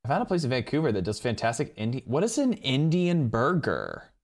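A man chatting casually with viewers on a live stream from home, rambling and excitedly thanking people. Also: medium pitch, fairly quick.

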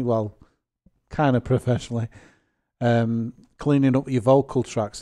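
A man, hosting his gaming channel and chatting through a software tutorial, rambling and joking at his own expense. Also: medium pitch. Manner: chatty and rambling, with self-deprecating jokes.

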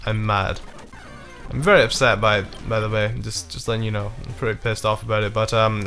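Guy doing let's play commentary, rambly and sweary, bright punchy voice. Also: lowish voice, brisk, soft background music. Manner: rambling, swears often, frustrated and apologetic. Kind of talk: casual gameplay commentary.

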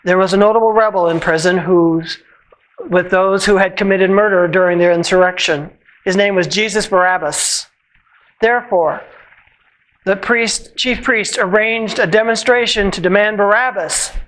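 A church reader delivers a Passion narrative in a measured, solemn way at a service. The voice sits in a middle pitch range and slows at the ends of phrases. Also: steady tone, a bit bright, low-quality recording. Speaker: scripture reader.

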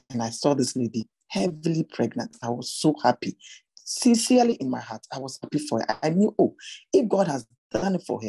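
A woman preaches from her own story in a husky, breathy voice. Her tone is mellow and warm rather than bright. She speaks earnestly and keeps returning to the same searching questions for her listeners. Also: low voice, no echo, low-quality recording. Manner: earnest, repeats rhetorical questions. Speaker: women's ministry speaker. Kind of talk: personal testimony sermon.

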